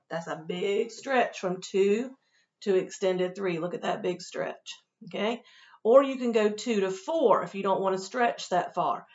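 A woman's voice: medium pitch, a little mellow. Patient woman teaching violin, dull recording. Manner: patient, encouraging, often checking with "okay?", calls out note names over her playing. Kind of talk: instrument lesson, talking students through a piece.

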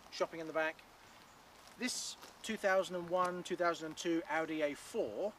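A man presenting a light-hearted car review vlog, outdoors by the cars and behind the wheel. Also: fairly high pitch. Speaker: car reviewer, show host. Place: outdoors by cars and inside a car while driving. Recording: distant mic with loud outdoor and road noise. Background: traffic and car noise.

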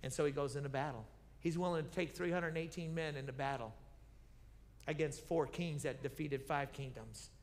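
In a church sanctuary, a pastor with a fairly high voice preaches at a moderate pace. He tells Bible stories animatedly, performing the characters' dialogue and repeating key phrases as he questions the people before him. The broadcast carries the sanctuary's reverberation.

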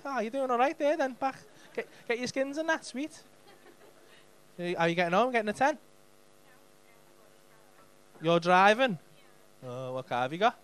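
High, bright-voiced Liverpool comic. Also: male voice, animated, normal speed, long pauses, clean tone. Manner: cheeky, sweary banter with the audience. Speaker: stand-up comedian. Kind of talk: crowd work. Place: comedy club stage.

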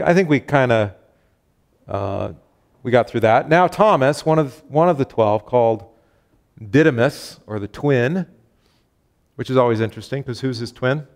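A pastor with a gravelly, medium-pitched voice leads a casual Bible study. He's chatty, corrects himself as he goes, and reads scripture aloud with emphasis.

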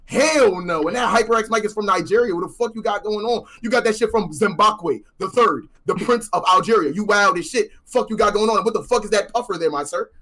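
A young man on a call firing off a loud, mocking roast with repeated taunts. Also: high voice, fairly quick, hardly any pauses. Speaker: roast contestant. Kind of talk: rapid-fire roast.

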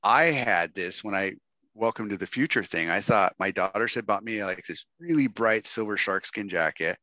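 A man with a bright, forceful voice tells a lively story on a video call. He jokes as he goes and often checks in with "right?". The audio is dry and a little dull and lo-fi. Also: fairly low pitch, moderate pace, no echo. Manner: animated and joking, with frequent "right?" and "dude"; acts out other people's lines in raised voices. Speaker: guest speaker at an online workshop. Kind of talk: casual storytelling to a live audience.

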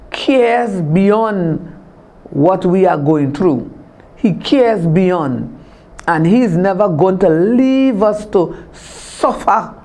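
A middle-aged woman minister from Tobago preaches. Her voice sits low and she takes her time. Her lines keep returning in a steady, declaring cadence. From Trinidad and Tobago. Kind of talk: televised sermon.

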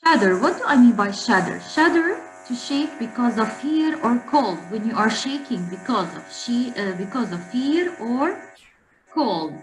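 A woman teacher giving a slow spelling lesson to children, repeating words so pupils can say them after her. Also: a little high, lively intonation, soft background music. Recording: echoey room with faint hum.

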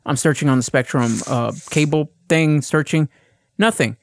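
Animated, swearing man telling a rant. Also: on the high side, moderate pace, dry recording, clean studio sound. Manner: animated ranting storyteller, swears freely. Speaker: podcast co-host. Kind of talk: casual chat.

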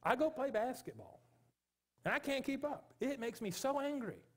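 A man in his forties preaching a sermon as pastor in a church, earnest and pleading, with bursts of animated humor. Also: extremely high pitch, moderate pace, husky. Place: church sanctuary.

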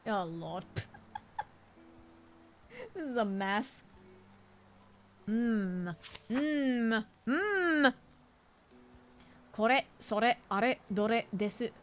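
A woman's voice: mid-range voice, takes it slowly, pauses often, soft background music. A woman streamer chatting casually over a game, playful and giggly as she sounds out Japanese words.

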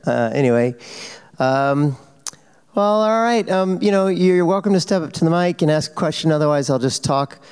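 Man, slightly high voice, casual storyteller, rambling, lots of fillers, convention panel stage. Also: lively intonation, normal speed, darkish tone, clean tone. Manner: rambling, lots of fillers and self-corrections, laughs often. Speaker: actor on a fan convention panel.

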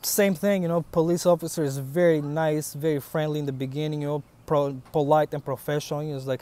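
A man's voice: fairly high pitch, little pitch movement, moderate pace, a little mellow, clean tone. Blunt, profane man with a foreign accent. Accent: foreign accent in English. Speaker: vlogger. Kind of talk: casual monologue to camera.

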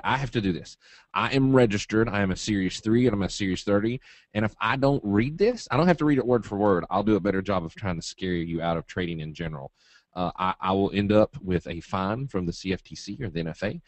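A man's voice: fairly low pitch, no room sound. A man from Eastern Kentucky with a Southern drawl, presenting a live trading webinar in a folksy, joking, straight-talking way.

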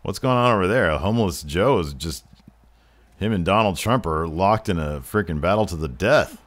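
Casting: low-voiced guy, mock announcer calling game wrestling, crude jokes. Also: expressive, normal speed. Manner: jokey, profane, mock-announcer hype. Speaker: gameplay commentator. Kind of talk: mock wrestling play-by-play over gameplay.

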